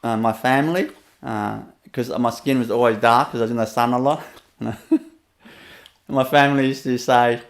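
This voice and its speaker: A man's voice: mid-range voice, steady tone, normal speed. A man with a Vietnamese accent gives a rambling, storytelling webinar talk as a spiritual teacher, laughing often and leaning on fillers.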